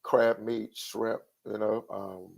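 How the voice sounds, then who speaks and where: Male co-host, middle-aged, gravelly, drawling casual banter. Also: lowish voice, flat delivery, takes it slowly, darkish tone. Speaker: radio show co-host. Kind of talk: casual chat.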